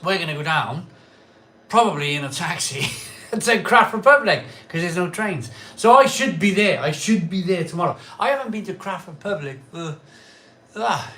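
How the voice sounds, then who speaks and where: Here a middle-aged man with a high-pitched, expressive voice talks at a moderate pace while hosting a live craft beer stream. Slightly tipsy from a pint or two, he rambles through casual chat, repeating himself and booming out cheerful greetings.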